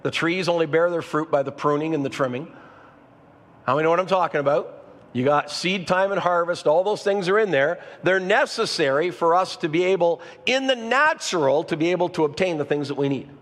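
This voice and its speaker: A male pastor preaching in a church sanctuary, his voice sitting a little higher than most men's. The long reverb of the hall trails after each phrase. He keeps calling on the congregation to answer him. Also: a little fast, fairly bright tone. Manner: preaching with call-and-response asides to the congregation. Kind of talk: sermon.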